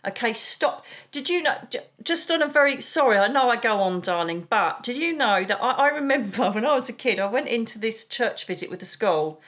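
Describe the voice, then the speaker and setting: A middle-aged British woman, a psychic medium, talking in an animated, chatty way as an interview guest and calling people darling. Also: a little high, a little fast, few pauses. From United Kingdom. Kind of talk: casual interview chat.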